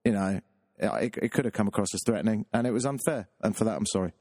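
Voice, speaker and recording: A man's voice: on the low side, fast talker, darkish tone, husky, dry recording, clean studio sound. Wry, rambling man on radio. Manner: self-deprecating, rambling, wry. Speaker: talk radio DJ. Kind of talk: confessional radio monologue.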